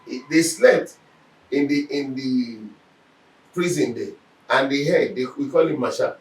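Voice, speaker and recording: In an echoey room, recorded from a distance, a man leads a Bible lesson in an unhurried, mid-range voice. He tells his stories animatedly, acting out the quoted speech.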